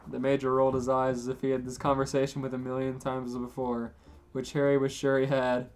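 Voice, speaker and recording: A man's voice: mid-range voice, completely flat delivery, fairly quick, few pauses, darkish tone, faint music behind. A man hosting a comedy podcast, reading fan fiction aloud and laughing often. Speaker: podcast host and reader.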